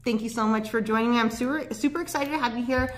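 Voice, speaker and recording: A woman's voice: a little high, fast. A woman hosting a casual local talk show from a studio, chatty and bubbly, laughing often, with a slight lisp from dental aligners.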